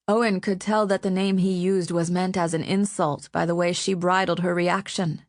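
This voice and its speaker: A woman narrating an audiobook in a slow, measured, even way. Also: on the low side, no room sound, studio quality.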